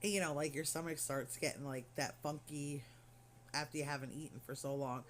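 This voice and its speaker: A woman's voice: sits low, fairly even intonation, brisk, slight background noise. A middle-aged woman craft vlogger telling a story in casual, rambling chat full of fillers and asides.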